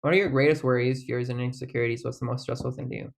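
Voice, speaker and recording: A man talking in a casual, rambling monologue, his voice sitting at an ordinary middle pitch. He strings thoughts together with constant "like"s, casual swearing and bursts of laughter. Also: steady tone, racing, vocal fry. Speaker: vlogger.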